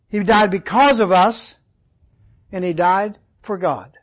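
Man, Bible teacher, high voice, asks the class questions, repeats the key points. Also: slow pace, rough recording. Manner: quizzes listeners with questions, repeats key words. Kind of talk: interactive Bible study teaching.

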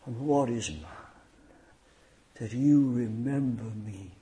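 A male preacher delivering a sermon, slow and emphatic, often dropping to near whispers. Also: medium pitch, dark tone.

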